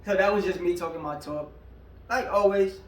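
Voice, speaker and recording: A man's voice: high-pitched, normal speed. A male rapper casually breaking down his own lyrics in a slangy, laid-back way, full of filler words. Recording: echoey room, a bit far from the mic.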